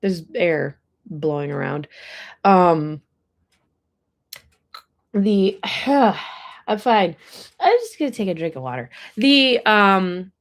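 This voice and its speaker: A woman's voice: fairly low pitch, sing-song, slow, pauses often. A woman running a casual livestream about her horses, emotional and teary at times, chatting with viewers and answering their comments. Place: indoors with air blowing.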